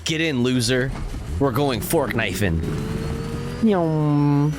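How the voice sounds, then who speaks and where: A man's voice: medium pitch, lively intonation, takes it slowly, music in the background. A young man streaming a video game, chatting casually with his viewers, playful and jokey and swearing often. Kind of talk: casual gameplay commentary.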